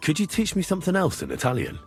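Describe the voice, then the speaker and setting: A man's voice: fairly high pitch, wildly swooping pitch, very fast, faint music behind. An actor playing an earnest young man, plain-spoken with a dry, wry humor. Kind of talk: video game dialogue.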